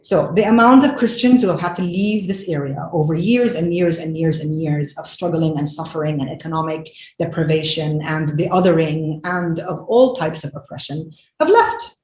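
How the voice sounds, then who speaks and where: A woman in her forties, a filmmaker guest, talks in an animated, emphatic way, with many fillers and restarts. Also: sits low, moderate pace, hardly any pauses. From Lebanon. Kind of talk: conversational interview. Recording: echoey room with faint noise.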